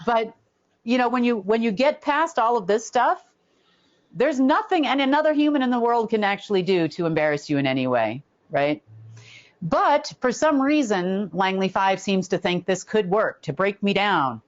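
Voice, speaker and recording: A woman telling a long, rambling story casually, full of fillers and lively put-on voices. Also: mid-range voice, normal speed. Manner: rambling, filler-heavy, slips into animated impressions. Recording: dull lo-fi recording.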